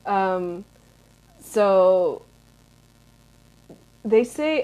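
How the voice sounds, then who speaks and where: A woman's voice: medium pitch, a little slow, darkish tone. A young American woman in her twenties, answering viewer questions in a rambling, chatty vlog with lots of fillers. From United States. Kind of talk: casual Q&A chat.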